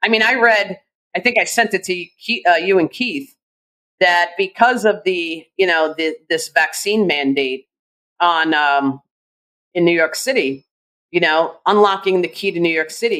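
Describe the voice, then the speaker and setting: Opinionated podcast co-host, mid-pitched. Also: sharp tone, poor audio. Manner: opinionated, ranting commentary. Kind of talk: casual podcast chat.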